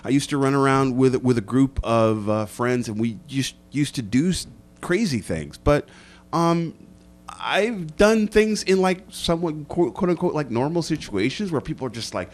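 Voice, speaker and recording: Animated, jokey male actor. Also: mid-range voice, normal speed. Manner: animated, jokey, slips into voices. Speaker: actor and guest. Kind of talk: casual interview chat. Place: radio studio.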